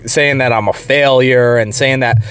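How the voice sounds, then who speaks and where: A man's voice: medium pitch, steady tone, normal speed, a bit bright, smooth. A young man telling a long workplace story in a blunt, profane, rambling way. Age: young adult. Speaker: channel host. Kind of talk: casual storytelling rant.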